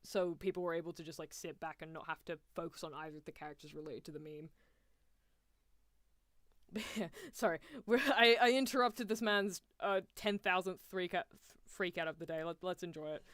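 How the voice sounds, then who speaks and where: A woman's voice: lowish voice, moderate pace, a bit bright, no room sound. A woman streamer giving casual, giggly watchalong commentary and asking her chat questions.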